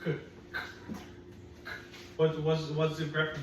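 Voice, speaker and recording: Here a woman speaks in a low, monotone voice at a slow pace. Patiently guiding young children through phonics in a classroom, she repeats the vowel sounds and playfully warns she'll trick them, all captured from far away in an echoing room with faint noise.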